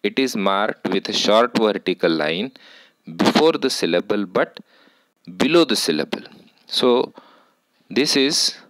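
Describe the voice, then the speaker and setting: A man giving a university lecture, explaining slowly and deliberately with frequent pauses. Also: on the low side, fairly bright tone, dry recording, poor audio. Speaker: English lecturer.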